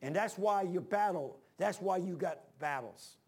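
Male preacher, folksy and rambling, gravelly voice pitched a little high. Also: a little slow. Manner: folksy, rambling, talks straight to the congregation. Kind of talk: sermon.

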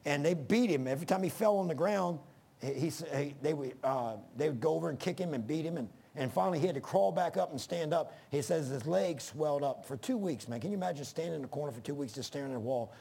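Gravelly preacher man. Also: a little high, expressive, fast talker, warm tone. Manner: earnest, folksy, rising to emphatic bursts. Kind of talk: sermon.

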